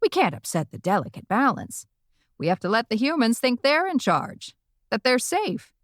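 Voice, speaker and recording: A woman's voice: a little high, big pitch swings, normal speed, no room sound, studio quality, pitched above the performer's own voice. A woman voicing a brash elderly witch grandmother doing stand-up comedy, with a brassy, bawdy delivery. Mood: cutting. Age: older.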